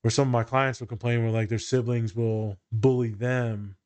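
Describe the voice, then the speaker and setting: A man's voice: mid-range voice, flat delivery, moderate pace, a little mellow. A man co-hosting a casual podcast, chatting loosely with laughter and plenty of swearing. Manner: laughing, profane, joking banter. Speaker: co-host, therapist.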